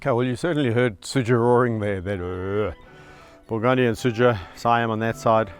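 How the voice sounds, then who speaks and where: A middle-aged man who hosts a wildlife channel, giving casual on-the-spot commentary outdoors at a sanctuary. He is chatty and relaxed, talks to the animals and chuckles often. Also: mid-range voice, normal speed, soft background music.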